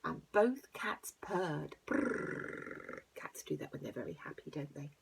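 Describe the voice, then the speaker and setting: A teacher reading a picture book aloud to young children. She plays up the animal noises and drops into hushed asides between the lines. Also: deep voice, moderate pace, gravelly, a little hiss or hum.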